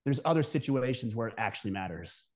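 A man's voice: mid-range voice, expressive, fast talker, a little mellow. Man giving direct, emphatic advice. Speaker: podcast guest. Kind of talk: casual interview talk.

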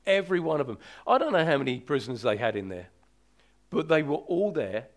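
A man preaching a sermon as pastor, emphatic and urgent, slowing to draw out key words for weight. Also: on the high side, sing-song.

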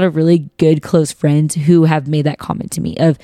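A woman's voice: on the low side, fast, mellow, no echo, studio quality. A woman hosting a faith-based podcast, chatting casually and animatedly. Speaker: podcast host.

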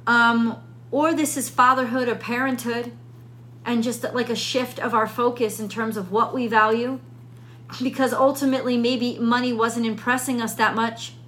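A woman's voice: a little high, fairly even intonation, normal speed, fairly bright tone. A woman reading tarot cards in a casual, unscripted way, thinking aloud and often repeating her questions. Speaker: tarot reader.

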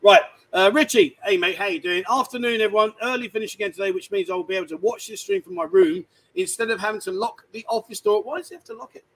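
Man, high-pitched, cheeky, rambling, bar host. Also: animated, quick pace, hardly any pauses, a bit bright, low-quality recording. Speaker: livestream host. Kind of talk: casual banter. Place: bar, indoors.

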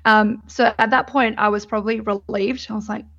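A woman's voice: medium pitch, steady tone, fairly quick, a bit bright. A young adult woman, candidly telling her birth story in casual chat, laughing often and swearing freely. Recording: dull lo-fi sound.

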